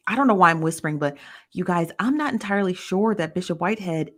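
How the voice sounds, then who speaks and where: A woman's voice: on the low side, lively intonation, fast talker. A woman hosting a casual live stream, reading viewer comments aloud and answering them. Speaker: host reading live chat.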